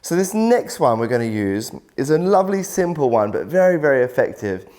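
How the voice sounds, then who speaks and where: A man teaching singing in a video workshop, explaining clearly and encouragingly, step by step. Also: mid-range voice, very animated, brisk, a little mellow. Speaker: vocal coach.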